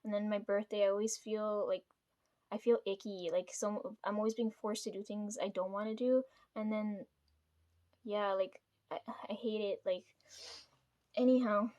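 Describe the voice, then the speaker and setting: A woman's voice: medium pitch, fairly even intonation, normal speed, darkish tone. A young woman vlogger telling a family story in a casual, venting way, swearing often and filling with "like". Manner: venting, swears a lot, many fillers.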